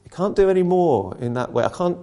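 A man's voice: high voice, expressive, a little fast, dark tone. A male preacher giving a conversational sermon that retells a story and asks earnest rhetorical questions.

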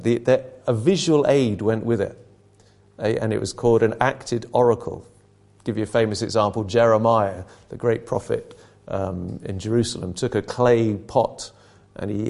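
A man's voice: lowish voice, normal speed, vocal fry, a little mellow. A male preacher giving a conversational sermon that retells a story and asks earnest rhetorical questions.

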